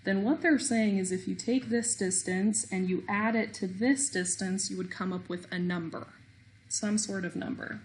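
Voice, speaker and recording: A woman's voice: medium pitch, steady tone, normal speed, slight background noise. A woman teaching a recorded math lesson, explaining step by step with small self-deprecating jokes.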